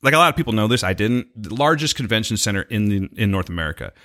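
A man's voice: on the low side, lively intonation, quick pace, pushed and bright. A young man co-hosting a casual podcast, telling a rambling story with laughs and profanity. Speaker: podcast co-host. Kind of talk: casual chat.

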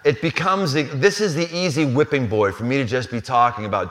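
A male pastor delivers a live sermon in a loose, conversational way. He jokes and slips into voices for the people he describes, with a slightly higher-than-average speaking pitch. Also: a little fast, few pauses, a bit bright. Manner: conversational, humorous, acts out scenes. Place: live church venue.

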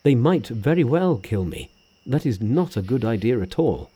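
A man's voice: medium pitch, very animated, normal speed, mellow, breathy edge, pitched below the performer's own voice. A man reading an audiobook who voices a cautious, worried male master monk.

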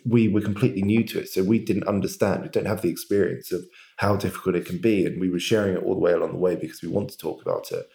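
A man's voice: low-pitched, steady tone, quick pace, creaky, warm tone. A man as a podcast guest, speaking candidly and reflectively about personal experiences. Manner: open, reflective, self-described pragmatic. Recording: roomy echo.

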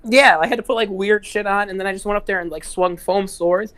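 A man's voice: high voice, a little fast, a bit bright, clear, resonant tone, no room sound. A man chatting as a guest musician on a casual podcast, rambling and swearing, with lots of "like". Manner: rambling, profane, heavy use of "like".

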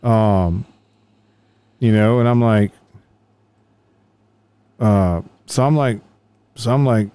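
A man tells a long police story in a loose, profane ramble, with a dark, mellow voice in a dry, close room. When he quotes people, his pitch jumps up and he acts them out. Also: slow, long pauses, clear, resonant tone, no room sound. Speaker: police officer telling stories. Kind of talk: casual storytelling chat.

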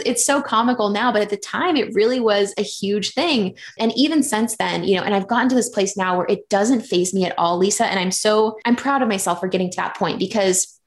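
A woman's voice: mid-range voice, fast, hardly any pauses. A woman in her thirties, a podcast guest, telling candid personal stories in casual chat, with many fillers.

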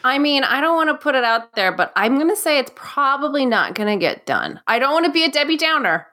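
A chatty woman in her thirties from Nevada, guesting on a podcast. Her voice is bright and forceful. Her pitch swings lively as she piles on likes and wry asides. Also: brisk. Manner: animated and chatty, many likes and self-aware jokes. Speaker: guest, actress and comedian. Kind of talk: casual podcast chat.

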